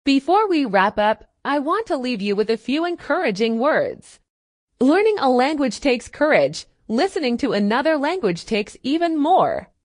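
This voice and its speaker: A woman giving a scripted English listening lesson, speaking clearly and steadily with deliberate pauses and an encouraging tone. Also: high-pitched, sing-song, no room sound, clean studio sound. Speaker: English teacher.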